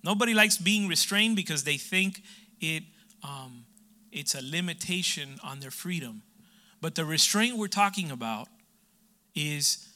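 Bright-voiced male preacher. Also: a little high. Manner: conversational preaching with humor and asides to the congregation. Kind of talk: sermon.

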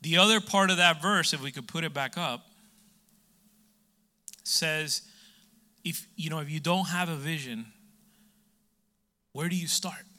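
A man's voice: on the high side, unhurried, long pauses, sharp tone. A middle-aged man preaching a sermon in a conversational way, with humor and asides to the congregation.

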